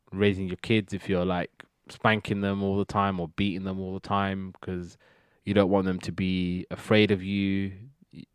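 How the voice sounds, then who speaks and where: Smooth-voiced man recapping TV episodes. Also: fairly low pitch, no echo, clean studio sound. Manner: rambling retelling, acts out quotes. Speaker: podcast host reviewing TV shows. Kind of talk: casual recap chat.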